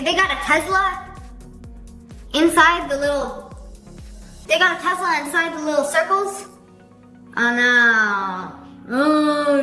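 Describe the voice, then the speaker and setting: A woman's voice: high voice, pushed and bright, roomy sound. A woman hosting a reaction video, chatting casually with playful sarcasm.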